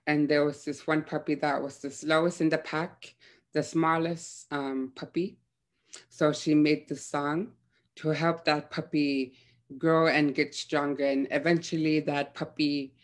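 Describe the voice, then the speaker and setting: A young woman teaching throat singing in a gentle, hesitant way, with many fillers. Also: sits low. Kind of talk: casual spoken lesson with demonstrations.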